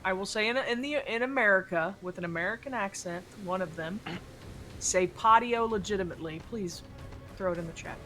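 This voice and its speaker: A woman's voice: mid-range voice, a little fast, sharp tone, soft background music. A woman player in casual live-stream chat, playful and teasing, laughing often. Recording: noisy background.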